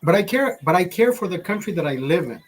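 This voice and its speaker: A man's voice: high voice, very animated, fast talker. A man hosting a live stream, ranting in a rambling, profane way with laughing asides. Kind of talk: livestream rant.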